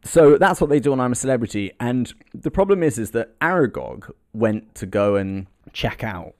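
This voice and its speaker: A man's voice: medium pitch, expressive, moderate pace, darkish tone. A man co-hosting a comedy podcast, improvising a silly story with a rambling, giggly delivery. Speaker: podcast co-host.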